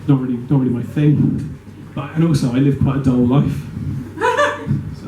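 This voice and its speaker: A man performing a stand-up comedy set in a small venue, rambling and self-deprecating, with an animated delivery. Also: medium pitch, normal speed, highs cut off, a crowd in the background. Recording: echoey room with audience noise. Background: audience laughter.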